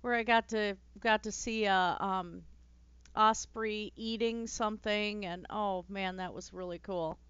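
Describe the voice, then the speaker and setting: A woman's voice: mid-range voice, steady tone, unhurried, a bit bright, clean tone, no room sound, highs cut off. A woman streaming a let's play, chatting casually and giggling as she plays, often trailing off into fillers. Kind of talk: casual gameplay commentary.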